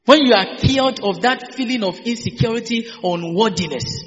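Exuberant preacher in an echoey hall. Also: male voice, high-pitched, expressive, fairly quick, fairly bright tone. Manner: exuberant, laughing, peppered with hallelujahs and repetitions. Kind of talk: sermon. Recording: echoey hall, dull lo-fi sound.

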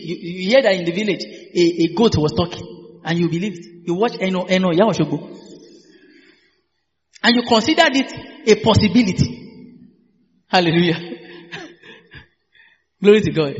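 A man preaching a sermon, exuberant, laughing often and repeating hallelujahs and phrases. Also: sits high. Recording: echoey hall, dull lo-fi sound.

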